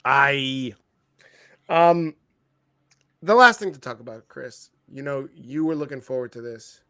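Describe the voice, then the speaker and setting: Animated joking man reviewing wrestling. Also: a little high, moderate pace. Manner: animated, joking, mock-outraged, swears freely. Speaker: podcast co-host. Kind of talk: casual wrestling review chat.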